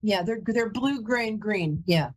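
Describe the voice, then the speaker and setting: A woman's voice: mid-range voice, expressive, measured pace, poor audio. A woman hosting a live call-in psychic reading, chatty and emotional, who often breaks off mid-sentence to apologize. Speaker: psychic medium host.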